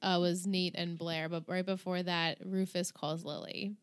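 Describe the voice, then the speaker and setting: A woman's voice: lowish voice, level tone, measured pace, clear, resonant tone, no echo. A woman co-hosting a podcast, chatting casually and giggling as she rambles through recaps and trivia, with a New York accent. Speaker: podcast co-host. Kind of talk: casual chat.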